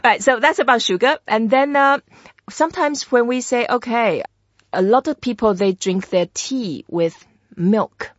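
A woman teaching a language in a patient, explanatory way, repeating words slowly for the listener to practise. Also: fairly high pitch, no echo, highs cut off. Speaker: Mandarin teacher. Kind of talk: language lesson chat.

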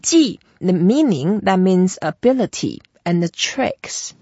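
A woman's voice: lowish voice, animated, a little slow, warm tone, no room sound. Patient woman teaching pronunciation. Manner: patient, explains step by step and models each sound for repetition. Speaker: Chinese language teacher and host. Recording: dull, muffled lo-fi sound.

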